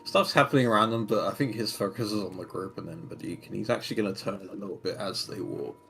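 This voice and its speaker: A man playing a tabletop role-playing game, speaking slowly and deliberately. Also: fairly low pitch, creaky, fairly bright tone. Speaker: player.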